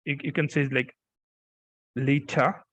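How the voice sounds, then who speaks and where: A man's voice: mid-range voice, normal speed, fairly bright tone, dry recording, poor audio. A man hosting an interview, talking animatedly with frequent laughs and repeated "yeah" and "okay". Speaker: host. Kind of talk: interview, casual chat.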